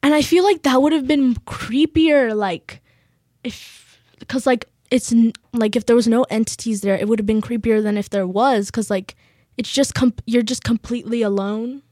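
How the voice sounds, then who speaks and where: A woman's voice: fairly high pitch, steady tone, moderate pace, mellow, no room sound, clean studio sound. A young woman chatting casually on a podcast, rambling with lots of fillers and giggles. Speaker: podcast co-host.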